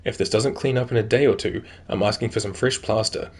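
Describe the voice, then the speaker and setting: A man's voice: lowish voice, fairly even intonation, a little fast, darkish tone, slightly rough. A man streaming a video game, chatting casually and reading in-game notes aloud, rambling with plenty of "like" and "um" fillers. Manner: rambling, heavy use of "like" and "um".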